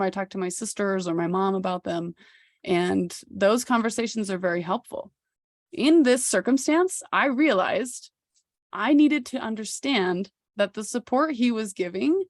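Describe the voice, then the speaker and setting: A woman's voice: mid-range voice, dry recording, studio quality. A woman in her thirties, a podcast co-host, telling a personal story in a candid, reflective way. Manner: candid, reflective, with occasional laughs.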